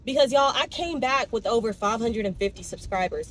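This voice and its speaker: A young woman vlogs on her phone camera as she walks through a convenience store, talking in a casual, expressive way that keeps tipping into swearing rants. Her voice sits a little high, and a faint hiss of background noise runs under the recording. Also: fairly quick, rough recording. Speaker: vlogger. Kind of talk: casual vlog chat. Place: car and convenience store, in and out of doors.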